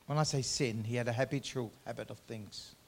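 A man preaching a sermon as pastor, earnest, swinging from loud emphatic lines to quiet conversational asides, drawing out key words. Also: medium pitch, fairly quick, slight background noise.

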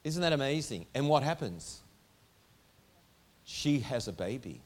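A man's voice: mid-range voice, big pitch swings, unhurried. Male pastor preaching in church, punchy and repetitive, keeps firing questions at the room. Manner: emphatic, repetitive rhetorical questions. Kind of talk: sermon. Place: church hall before a congregation.

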